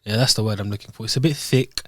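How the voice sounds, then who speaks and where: A man's voice: fairly low pitch, fast, sharp tone, slightly rough, no room sound, clean studio sound. A man from Scotland co-hosting a podcast, chatting casually about food and then presenting boxing news. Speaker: podcast co-host. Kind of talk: casual chat.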